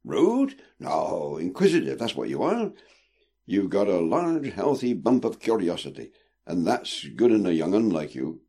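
A man's voice: low-pitched, wildly swooping pitch, unhurried, creaky, mellow, breathy edge, exaggerated voice. A man voicing a jovial, portly old ship captain with a teasing, old-fashioned way of speaking. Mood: indulgent.

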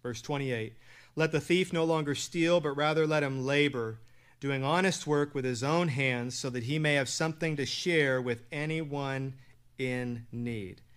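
A man's voice: medium pitch, measured pace, smooth. Emphatic male pastor preaching. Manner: emphatic, varies volume from loud stresses to quiet asides; asks questions to the congregation and answers them. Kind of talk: sermon.

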